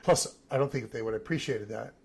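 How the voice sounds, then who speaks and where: A man, an Olympic team photographer, telling lively stories in a podcast interview and acting out the voices of the people he quotes. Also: medium pitch, quick pace, gravelly, husky. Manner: animated storyteller, acts out quoted voices.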